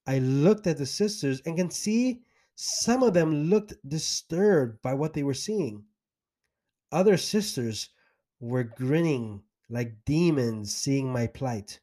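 Man, podcast host, first-person storytelling, earnest, slightly high voice, unhurried. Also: expressive, dark tone. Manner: earnest, emotional recounting.

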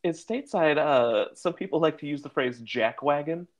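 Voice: mid-range voice, animated, normal speed, a little hiss or hum. A podcast host who asks questions and spins playful, teasing scenarios in casual chat.

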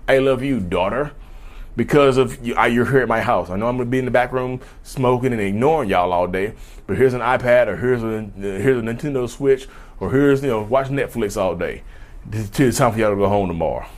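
A man talking casually to camera in a vlog, animated, addressing viewers as "y'all" and slipping into mocking voices. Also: medium pitch, brisk. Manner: loose conversational speech, says "y'all" often. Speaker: YouTube host.

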